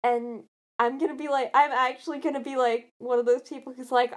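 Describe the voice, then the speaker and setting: A young woman in casual fan chat, rambling and animated, poking fun at herself. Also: high voice, normal speed. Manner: rambling, animated, self-deprecating.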